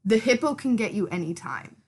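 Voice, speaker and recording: A woman in her thirties chats on a casual podcast, her throat a little hoarse. She rambles animatedly, stringing thoughts together with plenty of fillers. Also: fairly high pitch, animated, fairly quick. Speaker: podcast co-host. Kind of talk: casual chat.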